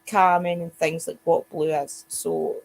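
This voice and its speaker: A woman's voice: low voice, level tone, a little slow, creaky. A Scottish woman co-hosting a casual spiritual chat show, talking straight to her listeners. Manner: chatty, addresses listeners directly. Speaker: co-host.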